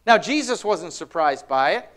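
A man preaching a conversational sermon, asking the congregation rhetorical questions and slowing down to stress key words. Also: high-pitched, sing-song, fairly bright tone. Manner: slows and drops his voice for emphasis.

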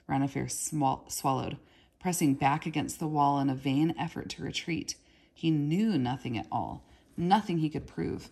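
Low, husky woman reading a novel aloud. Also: a little slow, dark tone. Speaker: reader.

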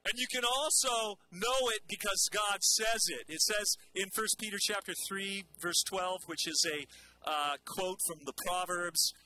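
Male pastor, bright and slightly high voice, conversational sermon with repeated phrases, faint noise. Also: poor audio.

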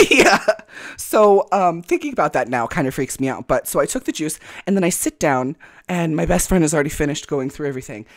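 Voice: mid-range voice, sing-song, fairly quick, fairly bright tone, slight background noise. A podcast co-host telling a story in casual chat, acting out quotes and laughing often.

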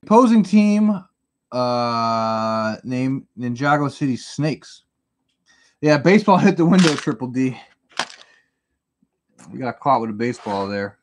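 A man's voice: mid-range voice, a little slow, long pauses. A man hosting a live stream, chatting casually and rambling through answers to chat messages while he builds at home. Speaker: livestream host. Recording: noisy home stream audio.

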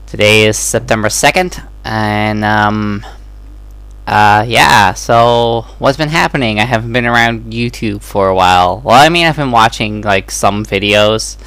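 A young Dutch man who makes let's-play videos on YouTube gives his channel a casual, hesitant update, full of ums and restarts. His voice sits lowish and unhurried, with a fairly bright, clear, resonant tone and no echo.

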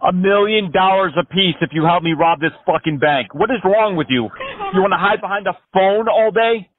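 A man's voice: high-pitched, fairly quick, dry recording. A man making a prank phone call, ranting in a brash, profane, rambling way over the line. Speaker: prank caller.

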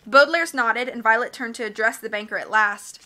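A woman reading a children's storybook aloud, with lively, expressive narration and small slips that she corrects as she goes. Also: fairly high pitch, fairly quick. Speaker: audiobook reader.

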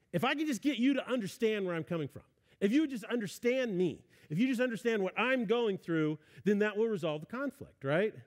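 A middle-aged male pastor giving a conversational sermon, acting out what husbands and wives say. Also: high-pitched. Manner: conversational preaching, acts out spouses' voices.

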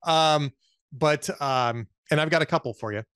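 A man's voice: fairly high pitch, normal speed, a bit bright, smooth, no echo, studio quality. A man hosting a podcast, chatting casually about politics with a guest and telling wry jokes. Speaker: podcast host.

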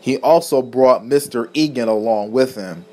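A man's voice: mid-range voice, normal speed, a little mellow. Man reading a storybook tale. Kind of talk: amateur storybook narration.

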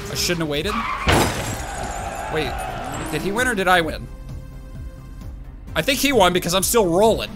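Gamer guy doing let's play commentary, kinda high voice, bouncy and excitable, yelling at the game, music going behind him. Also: normal speed, long pauses. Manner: excitable, talks to the game and himself, jumpy outbursts. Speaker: gaming YouTuber. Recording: game music playing under the voice.

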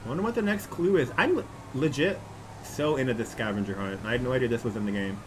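A young man casually commenting as he plays a video game, animated and prone to shouting at what happens on screen. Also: medium pitch, fast, background noise. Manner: animated, exclaims and yells at the game. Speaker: gaming YouTuber.

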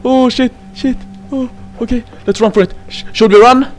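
A woman commentating a horror game playthrough, jumpy and frightened, swearing, laughing nervously and shouting in fright. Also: fairly high pitch, fairly even intonation, moderate pace, a little hiss or hum. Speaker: gaming channel host. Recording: game music behind the voice.

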